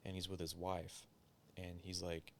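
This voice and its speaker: A man's voice: low-pitched, monotone, measured pace, slight background noise. A man, a former police officer, recounting a story in a casual interview, swearing often and filling his speech with "like". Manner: profane, filler-heavy storytelling.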